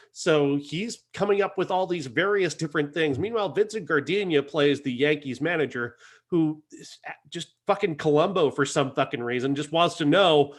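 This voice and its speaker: A man's voice: on the high side, a bit bright. A man co-hosting a movie review podcast, talking casually and ranting emphatically, laughing often as he goes. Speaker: podcast co-host, movie critic.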